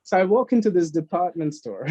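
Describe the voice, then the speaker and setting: A man who is a guest on a business interview podcast, telling stories in a lively, chatty way, laughing often and acting out dialogue. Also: high-pitched, brisk, husky, no room sound, muffled recording. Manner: animated storyteller who laughs often and acts out quotes. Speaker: entrepreneur guest. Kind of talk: casual podcast interview storytelling.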